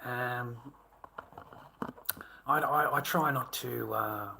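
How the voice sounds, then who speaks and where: A man's voice: medium pitch, very slow, creaky, sharp tone. An Australian man in his fifties in a rambling, aggrieved monologue to camera, swearing and repeating himself. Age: 50s. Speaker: vlogger.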